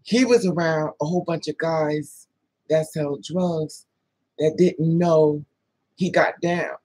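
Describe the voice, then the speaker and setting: Husky-voiced man telling a story. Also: on the high side, slow, no room sound, poor audio. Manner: lively storyteller, blunt and profane, acts out the other voices. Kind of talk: casual story time.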